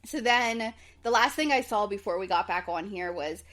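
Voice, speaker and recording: A podcast co-host with a mid-range voice talks at normal speed as she chats through a reality show recap. Fillers such as "like" and "um" come up constantly, and she does animated voices when quoting people.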